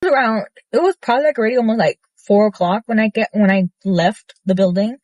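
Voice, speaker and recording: A woman's voice: medium pitch, fast talker, dry recording. Blunt young woman ranting, dry sound. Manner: blunt, profane, animated retelling with many fillers. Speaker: vlogger. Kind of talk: casual storytelling rant.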